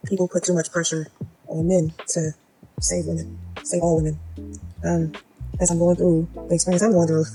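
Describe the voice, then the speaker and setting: A woman's voice: lowish voice, level tone, normal speed, long pauses, mellow, rough recording. A woman in her forties talking earnestly to camera, explaining herself in a long monologue. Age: 40s. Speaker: social media poster.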